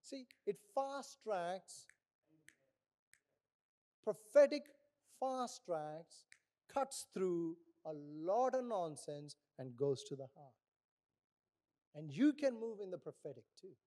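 A middle-aged male pastor preaching a sermon, animated, acting out little voices in his stories. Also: high voice, slow pace, long pauses.

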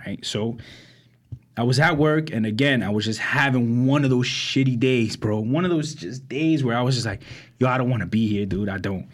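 Talking a little fast at medium pitch, this young Brooklyn man co-hosts a podcast and tells stories in a loose chat. He's an animated storyteller who acts out quotes, filling pauses with frequent "like" and "um."

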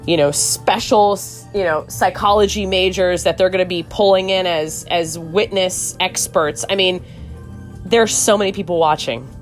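A woman's voice: fairly low pitch, steady tone, moderate pace, faint music behind. A woman hosting a true crime podcast, giving outspoken, rambling commentary with swearing and many restarts. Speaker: podcast host.

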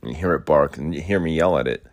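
A young man with a low, deep voice talks in a loose, rambling rant. He swears often, circles back to the same complaints and repeats himself, moving in and out of his rural home as he talks. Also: quick pace. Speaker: podcast host. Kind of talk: rambling casual monologue.

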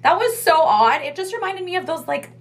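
A woman's voice: very high-pitched, sing-song, fairly quick, soft background music. A young woman telling a casual story about her restaurant takeout job. She swears freely and says "like" a lot. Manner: chatty, swears freely, heavy use of "like".

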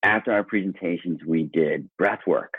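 A man's voice: low voice, normal speed, husky, no echo. A man speaking as a podcast guest in casual conversation, earnest and enthusiastic, often restarting his sentences. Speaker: guest, speaker and workshop presenter. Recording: tinny phone-like line.

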